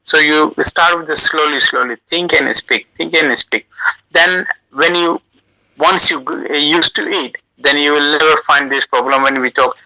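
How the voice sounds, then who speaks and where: Over an audio call, a UK-based guest with a South Asian first language offers casual language tips. He speaks slowly and haltingly in a sharp, forceful voice on the high side, often saying uh and starting phrases over. The poor audio is dry and close, with no room sound.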